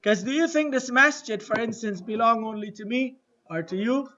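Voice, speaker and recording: A man teaching an Arabic lesson to a class, drilling phrases slowly and having students repeat. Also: very high voice, pushed and bright, muffled recording. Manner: slow, deliberate drilling with repetition to the class. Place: mosque classroom.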